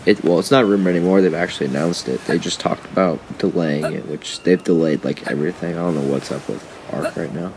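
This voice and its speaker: A man's voice: low voice, quick pace, hardly any pauses, darkish tone, a little hiss or hum. A man giving casual commentary while he plays a video game, talking to the creatures on screen and to his viewers, often frustrated. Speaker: gaming YouTuber.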